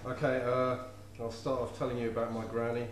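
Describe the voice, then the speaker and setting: A man's voice: medium pitch, completely flat delivery, brisk, recorded from a distance, heavy background noise. A man, performing comic poetry live with a rhythmic, playful delivery. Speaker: poet. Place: live venue before an audience. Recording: echoey room with faint ambience.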